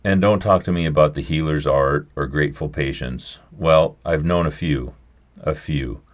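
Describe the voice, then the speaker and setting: In a storybook reading, a man with an extremely low voice plays a stubborn, folksy old country doctor who speaks briskly and gruffly.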